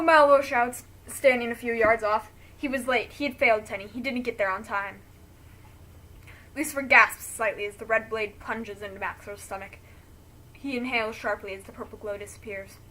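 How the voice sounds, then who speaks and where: A woman's voice: mid-range voice, bright, forceful tone. A woman reading a friend's story aloud, breaking off to react emotionally.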